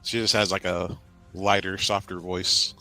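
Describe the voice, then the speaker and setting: A man's voice: deep voice, level tone, a little slow, bright, forceful tone, faint music behind. An American man co-hosting a livestream, chatting casually in a laid-back way. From United States. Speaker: livestream co-host. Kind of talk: casual chat.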